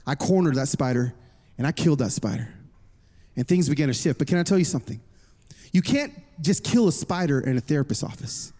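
High-voiced man preaching in a reverberant hall. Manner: animated storytelling, voicing others in quotes. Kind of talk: sermon. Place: large hall with an audience.

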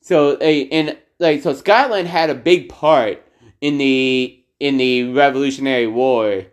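A man co-hosting a casual podcast, speaking slowly with constant "like" and "uh" fillers. He stumbles through a news story and restarts his thoughts often. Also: medium pitch. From United States. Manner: halting, heavy on fillers like "like" and "uh". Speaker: podcast co-host. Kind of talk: casual chat, reading a news story aloud.

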